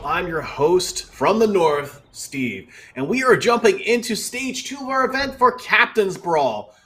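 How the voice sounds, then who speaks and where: A Canadian man hosting an esports tournament desk, excitable and full of "like" fillers. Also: sits high. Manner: excitable, filler-heavy with lots of "like". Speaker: tournament host.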